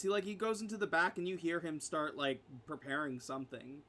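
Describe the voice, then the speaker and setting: A man's voice: a little high, steady tone, fairly quick, bright, forceful tone. A man narrating a tabletop game as game master, casually, with many fillers.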